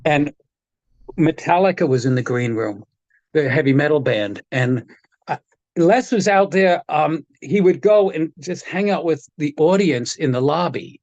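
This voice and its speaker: A guitar tech appears as a guest on a video-call chat, telling casual anecdotes, acting out the people he quotes, and laughing often. His mid-range voice has a darkish tone, and the recording is muffled with no room sound.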